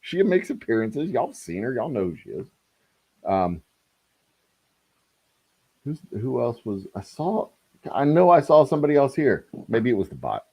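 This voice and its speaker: A man's voice: medium pitch, big pitch swings, moderate pace, vocal fry, pauses often, mellow, husky, no room sound. A man, hosting a casual distillery livestream and chatting to viewers with rambling, joking asides. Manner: rambling, talks to chat, self-deprecating jokes.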